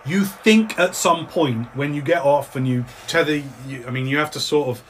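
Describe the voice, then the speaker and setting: A man running a tabletop game as game master, narrating in a relaxed, meandering way with frequent restarts. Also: a little high, normal speed, a little hiss or hum, low-quality recording.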